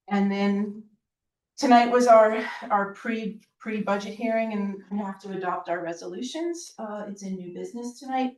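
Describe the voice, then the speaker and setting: A slightly hoarse woman, a school district official, presenting a budget in measured, explanatory speech with frequent ums. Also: medium pitch, darkish tone. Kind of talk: budget presentation at a public meeting. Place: school board meeting room. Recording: roomy meeting room, from a distance.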